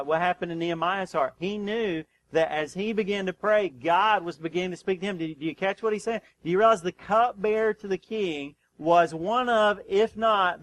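A man preaching a sermon as pastor. He presses his congregation with questions, calls out "Amen?", and moves between urgent, loud stretches and hushed, slow ones. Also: high-pitched, low-quality recording. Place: church sanctuary.

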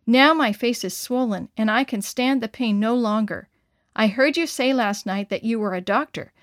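A woman's voice: fairly high pitch, moderate pace, no echo, studio quality, natural voice. Woman reading as a pleading humbled bandit. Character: rough male bandit in pain, humbled and pleading.

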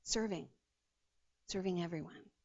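A woman teaching a Bible passage in a lively, conversational way, sometimes acting out the voices of the people in the story. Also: fairly low pitch, measured pace, vocal fry. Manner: animated retelling, acts out the disciples' voices. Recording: dull lo-fi sound.

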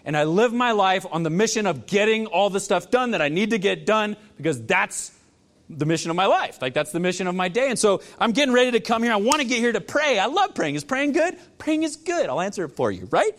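A male pastor delivers a sermon with a high-pitched voice. His speech is very animated, swinging widely up and down. He falls quiet to land the important points. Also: brisk. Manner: animated preaching, dropping to quiet emphasis.

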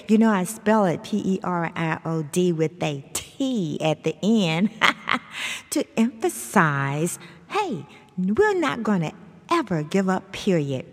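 A woman hosting a motivational podcast, upbeat and emphatic, chatty with many fillers and sudden leaps up in pitch. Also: very animated, takes it slowly, long reverb tail. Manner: chatty, with many fillers and "you know, hey". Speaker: podcast host.

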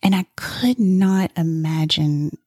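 Woman guest, low voice, husky, eager storyteller, restarts often, dry close sound. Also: takes it slowly, dark tone, no echo. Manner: eager, emotional, many restarts. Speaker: volunteer organizer, guest. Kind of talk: casual interview storytelling.

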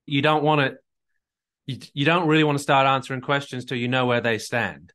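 A man working as a relationship coach guides a caller through a live call, captured as a call recording. He speaks earnestly, repeats words while working out his advice, and acts out example dialogues, in a steady, mid-range voice that's a little fast and a bit bright.

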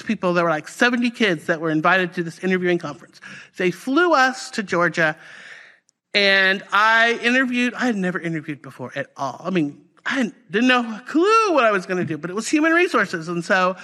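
A woman pastor preaching a personal testimony in a conversational, storytelling way. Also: medium pitch. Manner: conversational, animated storytelling with fillers.

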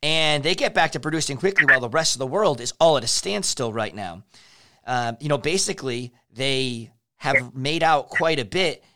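Speaking at normal speed in a mid-range voice, a male podcast host spins conspiracy theories, his talk casual, profane and animated.

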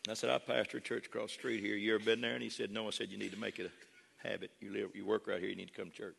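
A man preaching a sermon as a pastor, switching between loud shouted praise and soft folksy storytelling. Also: on the low side, flat delivery, very fast, vocal fry, noisy background. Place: large church hall with congregation. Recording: long hall reverb with faint crowd.

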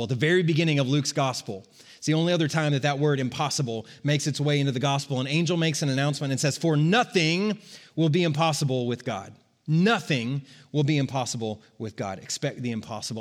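A man's voice: fairly high pitch, fairly quick, big-room sound. A man preaching a sermon to a congregation, speaking in a conversational, joking way. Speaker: pastor.

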